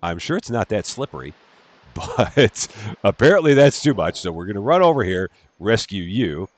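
A man's voice: on the low side, big pitch swings, normal speed, dry recording. A man giving casual, jokey let's-play commentary, chatting to the characters in a game as he plays. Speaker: gameplay commentator.

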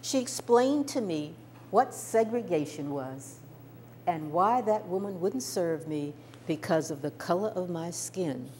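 Older woman storyteller, lively intonation, personal memoir, light stammer. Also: fairly low pitch, measured pace, slight background noise. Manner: expressive, warm-toned recounting with small stammers.

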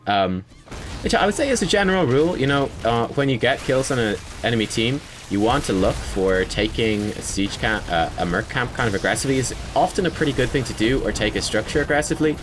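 A man talks through his own match replay in an easygoing, conversational way, often pausing on fillers and owning up to his mistakes. His voice sits at an ordinary middle pitch, with a faint hum of background noise. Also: animated. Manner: conversational, frequent fillers, self-critical. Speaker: gaming video creator. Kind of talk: gameplay analysis commentary.

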